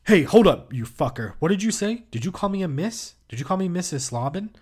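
A man voicing an enraged, foul-mouthed man who yells down the phone. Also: high voice, big pitch swings, fairly quick, slightly rough, pitched above the performer's own voice, full character voice. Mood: furious. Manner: yelling, profane.

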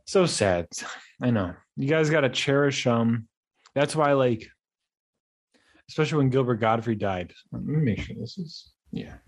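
Young guy podcast host, rambly and animated, lots of restarts, mid-pitched voice. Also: a little slow. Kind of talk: casual monologue.

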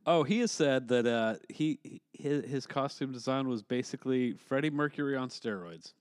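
A man's voice: mid-range voice, moderate pace, clear, resonant tone, dry recording, clean studio sound. A man co-hosting a casual movie review podcast, rambling and swearing freely, laughing as he talks. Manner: rambling, profane, laughs often. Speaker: podcast co-host.

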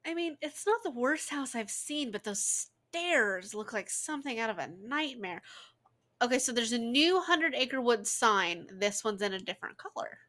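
A woman in casual reaction commentary, picking apart a film with sarcastic asides and plenty of swearing. Her voice sits on the higher side and jumps around with animated expression. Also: normal speed.

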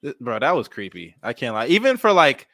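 Man, blunt slangy co-host, very animated pitch, bright edgy tone. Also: a little fast, creaky, no echo, clean studio sound. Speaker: podcast co-host. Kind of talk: casual sports and wrestling chat.

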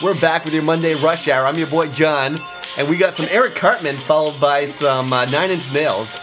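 A woman's voice: sits low, normal speed, over music, voice pushed up, close to an everyday voice. A woman playing a brash male rock radio DJ with pumped-up announcer patter.

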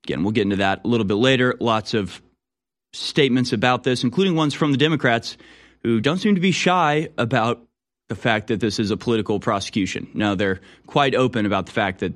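Guy hosting talk radio, reads the news then snarks on it, mid pitch. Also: a little fast. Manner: sarcastic, reads headlines then editorializes. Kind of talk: opinionated news commentary.

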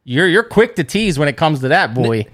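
A man's voice: fairly high pitch, sing-song, normal speed, a bit bright. A man co-hosting a podcast in casual chat, teasing his co-host and laughing often.

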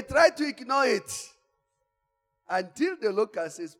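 A man preaching a sermon, swinging from quiet asides to shouted exhortation. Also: very high voice, sing-song, measured pace, long pauses. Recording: long church-hall reverb.

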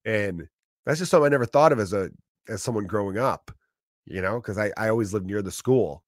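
A man's voice: lowish voice, fast, no room sound, studio quality. A man in his thirties with a profane, rambling style in a casual comedic monologue.

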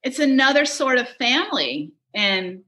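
A middle-aged woman chatting in an interview, telling animated stories, laughing often and quoting people. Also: sits high, measured pace. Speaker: guest, touring production manager. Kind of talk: casual interview chat.

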